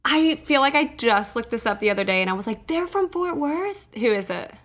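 A woman's voice: medium pitch, lively intonation, fast talker, a bit bright. Playful, laughing woman podcast co-host. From Texas. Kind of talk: casual chat.

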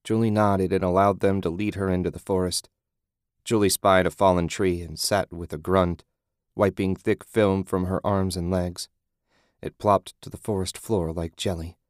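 A low-pitched man narrating a horror story in a measured, grim manner. The read is close and completely dry, with no trace of a room. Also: level tone, smooth, dry recording. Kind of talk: scripted horror audiobook narration.

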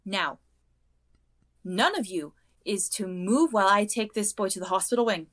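A woman voicing a stern, brisk female teacher while reading a novel aloud, giving clipped orders. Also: medium pitch, lively intonation, a bit bright, close to an everyday voice.

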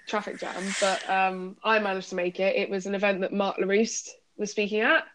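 A woman in easy conversation, working through her thoughts out loud with pauses and restarts. Her pitch sits in an ordinary middle range. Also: fairly even intonation, background noise. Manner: thinks aloud with many pauses and restarts. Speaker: podcast co-host; coach. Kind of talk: casual chat.

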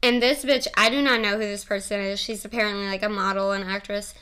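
A woman's voice: medium pitch, fairly even intonation, fast talker, sharp tone, clean tone. A young woman hosting a solo podcast, chatting casually in a rambling, giggly, profane and playful way. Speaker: podcast host.

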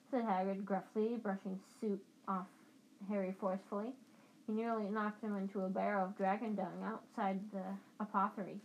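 A woman narrating a fantasy storybook with a steady reading pace and the odd restart. Her voice sits at a plain middle pitch. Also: moderate pace, a little hiss or hum, rough recording. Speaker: audiobook reader.

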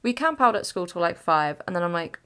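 A woman's voice: on the low side, expressive, a little fast, fairly bright tone, clean tone. Giggly teenage girl telling a story. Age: late teens. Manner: chaotic, giggly, dramatic retelling. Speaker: podcast host. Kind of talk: casual storytelling.

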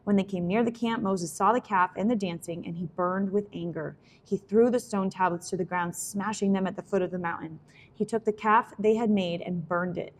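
Woman reading scripture aloud, steady. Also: mid-range voice, normal speed. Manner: steady reading with small self-corrections. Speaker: scripture reader.

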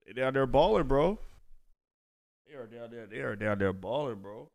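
A man's voice: medium pitch, lively intonation, normal speed, gravelly, a little mellow. A man co-hosting a podcast in casual, profane banter, laughing often. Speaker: podcast co-host.

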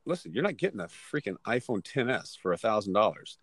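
A middle-aged man and father telling a story in casual chat, blunt and animated, cursing freely. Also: lowish voice, fairly quick, no room sound.

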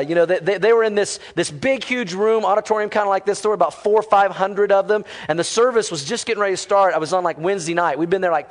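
A man preaching a sermon as pastor, telling stories and calling on the congregation to answer back. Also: sits high. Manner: storytelling, calls on the congregation to respond. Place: church auditorium. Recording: long hall reverb.

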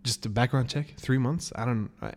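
A man hosting a podcast, telling a story in a casual, animated way, acting out the people in it with sudden jumps in pitch. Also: moderate pace, vocal fry. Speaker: podcast host.

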